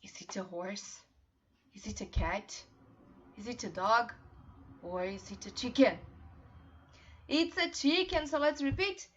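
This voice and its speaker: A young woman with a high, bright-toned voice teaches English to little children. She speaks slowly, stretching each question in a sing-song, encouraging way. The sound is a bit dull and lo-fi, like a home laptop recording. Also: slight background noise. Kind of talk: children's online class with songs.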